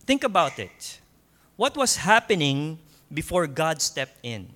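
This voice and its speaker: A pastor with a Filipino accent preaches in a church at an unhurried pace, repeating his points for emphasis. His voice is bright and sits on the higher side. He drops in soft laughs between lines. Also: big pitch swings. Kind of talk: sermon.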